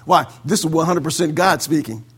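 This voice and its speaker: A man preaching a sermon, fervent and prone to saying amen, swinging between loud exclamations and quiet asides. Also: on the high side, a little fast, husky.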